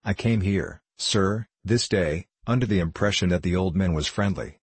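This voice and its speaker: A man reading an audiobook, voicing a florid young gentleman who speaks in a grand, theatrical way. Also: low-pitched, normal speed, slightly rough, dry recording. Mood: pompous.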